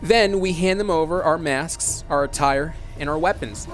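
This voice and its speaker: A man's voice: on the high side, normal speed, faint music behind, natural voice. A man reading as a scornful killer clown. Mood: defiant. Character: menacing male killer clown leader, scornful.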